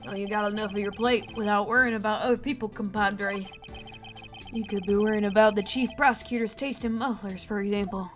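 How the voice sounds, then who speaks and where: A woman's voice: medium pitch, fairly even intonation, a little fast, soft background music, close to an everyday voice. Woman doing a drawling cowboy detective. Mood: folksy. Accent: put-on American cowboy drawl. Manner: easygoing, drawling folksy sayings. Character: folksy cowboy detective man, laid-back. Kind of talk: reading game dialogue aloud.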